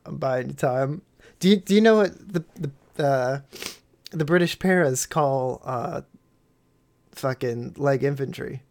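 A man's voice: mid-range voice, a little slow, vocal fry, darkish tone, a little hiss or hum. An American army veteran co-hosting a podcast, swearing freely, laughing often and restarting his sentences in casual chat. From United States.

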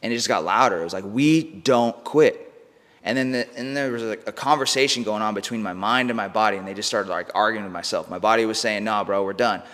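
Speaking quickly with hardly a pause, this American mindset coach tells a personal story as a podcast guest in a lowish, pushed, bright voice. He's slangy and profane, leaning on "bro" and "like," and the room adds long reverb.

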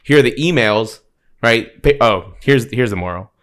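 A man's voice: medium pitch, lively intonation, moderate pace, fairly bright tone. A man in a casual podcast chat, telling stories that end in a lesson, filled with "like" and "you know". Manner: storytelling, lecturing, many "like" and "you know".

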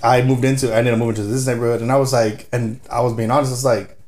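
A man's voice: medium pitch, level tone, fast talker, a little mellow. A man from Dallas, Texas, guesting on a podcast and telling stories in a casual chat. He swears freely and acts out quotes with a raised voice. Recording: roomy echo.

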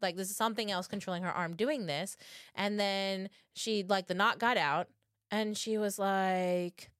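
Podcast co-host, woman in her thirties, middle pitch, dry close sound, animated and profane storyteller. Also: unhurried, clean tone, dry recording. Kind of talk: casual chat, storytelling.

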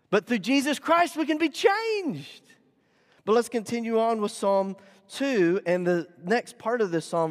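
Animated high-voiced preacher in a reverberant hall. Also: male voice. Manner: animated preaching, rising and dropping for emphasis. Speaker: pastor. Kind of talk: sermon.

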